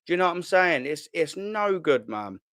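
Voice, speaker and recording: A young man, hosting a casual live stream from his kitchen at home, talking in excitable slang, swearing and repeating himself. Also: on the high side, normal speed, dry recording, clean studio sound. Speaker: football channel host. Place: at home, sitting at a kitchen island.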